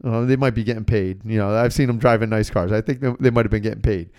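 A middle-aged man hosting a podcast, telling a story in a casual, profane and self-deprecating way, with bursts of animated outrage. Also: medium pitch, fairly quick. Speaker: podcast host.

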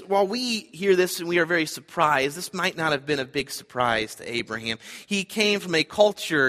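A man's voice: sits high, pushed and bright, in a large hall. A man preaching a sermon, earnest and emphatic, repeating his key points. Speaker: pastor.

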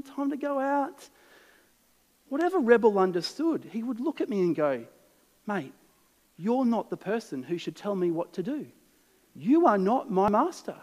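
An Australian man delivering a sermon with a notably high voice, chatty yet earnest, dropping to near-hushed stretches. The sound rings with the long reverb of a large church hall. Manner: conversational, earnest, shifts between lively and hushed. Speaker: preacher.

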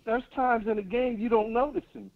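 A man's voice: very high-pitched, steady tone, fairly quick, gravelly. Opinionated man on a tinny phone line. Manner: blunt, opinionated, confident. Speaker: caller. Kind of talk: casual sports call-in chat.

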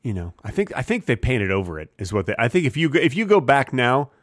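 A man of middle pitch co-hosts a comedy podcast, carrying absurd tangents with a deadpan delivery. He slips into goofy voices whenever he quotes someone. His voice sits close and dry on the mic. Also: fast, dry recording. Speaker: podcast co-host.

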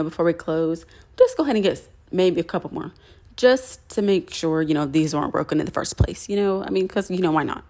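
A young woman hosting a podcast, telling a personal story in a chatty way with many fillers and restarts. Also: fairly low pitch. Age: young adult. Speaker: podcast host.

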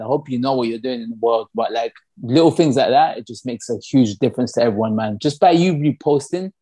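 A man's voice: mid-range voice, a little mellow. A man with a mid-range voice co-hosting a podcast. He speaks earnestly and gushes with thanks. He swears casually as he goes. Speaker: podcast co-host. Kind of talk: casual chat.

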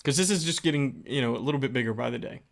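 A man's voice: mid-range voice, very fast, creaky. A man from West Virginia co-hosting a podcast, upbeat and urging, repeating phrases for emphasis. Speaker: podcast co-host. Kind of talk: casual podcast chat.

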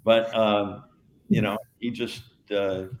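A man's voice: on the low side, little pitch movement, takes it slowly, roomy sound. An older man and retired wrestler, co-hosting a podcast and telling rambling anecdotes in a casual chat. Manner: rambling anecdotes, lots of restarts and laughs.

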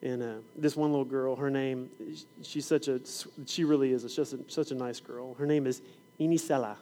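A man's voice: mid-range voice, fairly quick. A middle-aged man who is a preacher and fifth grade science teacher, telling classroom stories in a sermon and acting out the scenes. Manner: animated storyteller, acts out scenes. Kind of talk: sermon with storytelling.

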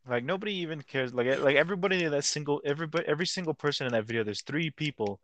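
A man's voice: on the high side, rapid-fire, fairly bright tone, dry recording. A young man co-hosting a casual podcast chat, rambling in slang, stumbling over words and acting out quotes. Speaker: podcast co-host.

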